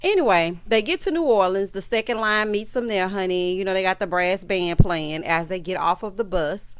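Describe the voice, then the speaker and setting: A woman's voice: medium pitch, moderate pace, clean tone. A woman hosting a casual TV recap, sassy and dramatic, calling her viewers honey and child as she tells the story. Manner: lively storyteller, acts out quotes. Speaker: show recap host.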